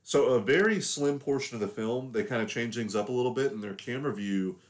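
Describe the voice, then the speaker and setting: A man's voice: medium pitch, fairly quick. A young man from the American South, casually talking over a film as podcast co-host, rambling with lots of fillers. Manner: rambling, many fillers and hedges. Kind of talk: casual film review chat.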